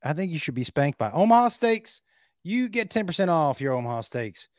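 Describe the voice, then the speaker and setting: A man's voice: on the high side, big pitch swings, a little fast, no echo, clean studio sound. A man voicing a boastful, folksy male country music star who hosts his own show and plugs himself. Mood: joking. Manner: folksy, self-promoting showman.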